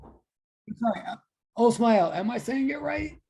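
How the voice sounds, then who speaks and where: Man, physics teacher, video call, rambling, self-deprecating, gravelly. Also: extremely high pitch, lively intonation, measured pace, warm tone. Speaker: physics instructor. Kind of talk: casual online class.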